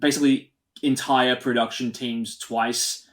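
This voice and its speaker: A man's voice: medium pitch, fairly even intonation, unhurried, fairly bright tone. A man co-hosting a laid-back review podcast, talking in a mid-range voice. He keeps the discussion moving and brings it to a close. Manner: steers the talk and wraps up the episode. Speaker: podcast co-host. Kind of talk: casual chat reviewing episodes.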